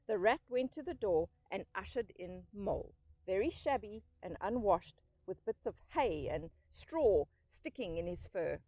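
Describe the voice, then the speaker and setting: A woman narrating a classic children's story in an expressive audiobook reading. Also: mid-range voice, a little slow, hardly any pauses, dry recording, lo-fi sound.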